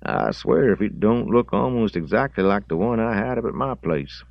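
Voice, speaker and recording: Man narrator plays a tipsy, unhurried Southern farmer with a wry, dry drawl, recorded dry and slightly muffled. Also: fairly low pitch, expressive, creaky, no room sound, voice pushed up. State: slightly drunk. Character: slow, contemplative, slightly drunk rural man.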